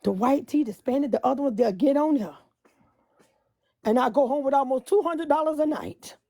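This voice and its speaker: A woman's voice: high-pitched, moderate pace, warm tone, no room sound, studio quality. A woman bus driver venting with passion on a live phone stream, repeating herself and breaking into hymn lines.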